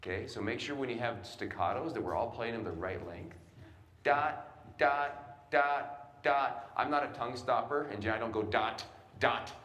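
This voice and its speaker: A man coaching a student jazz band in a large concert hall, giving brisk instructions and scatting the rhythms he wants. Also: fairly low pitch, a bit bright. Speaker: jazz clinician. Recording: roomy hall with band behind.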